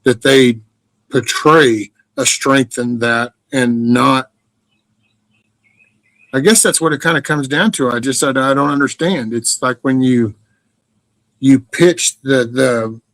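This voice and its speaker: A man's voice: medium pitch, slow, pauses often, a bit bright, no echo. A middle-aged man hosts a livestream in a rambling, casual monologue. He is blunt and profane, and his talk wanders and restarts. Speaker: livestream host.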